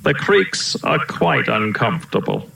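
A man voicing a gentle old male elephant uncle who aches, speaking slowly and wearily in a storybook reading. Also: mid-range voice, big pitch swings, full character voice. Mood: weary. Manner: slow, creaky, weary. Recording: roomy echo.

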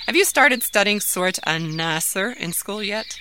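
A woman's voice: lively intonation, unhurried, background noise, lightly acted. A woman voicing a cheerful, encouraging grown uncle in a children's story, in an upbeat, coaxing tone. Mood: gentle. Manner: upbeat, coaxing, raised pitch.

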